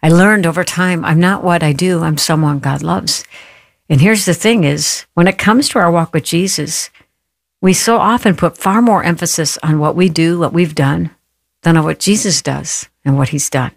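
Woman host, low voice, gravelly edge, earnest faith talk monologue, dry close sound. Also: moderate pace, dry recording. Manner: earnest, heartfelt personal storytelling; direct, encouraging address to listeners. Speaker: radio show host.

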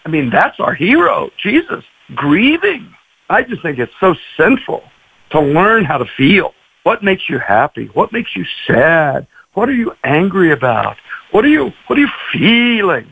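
Casual: high voiced pastor guy telling stories, really animated, dry mic. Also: normal speed, gravelly, husky, no room sound, rough recording. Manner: expressive, acts out voices, repeats "man" and "you know". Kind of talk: animated storytelling in a radio interview.

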